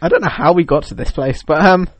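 A man's voice: on the high side, very animated, fast, no echo, poor audio. A young man co-hosting a podcast, rambling with many fillers and laughing easily. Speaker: podcast co-host. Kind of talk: casual chat.

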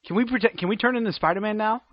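High-voiced man bantering on a podcast. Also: dry recording, highs cut off. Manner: joking, quick banter. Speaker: podcast co-host. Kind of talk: casual podcast chat.

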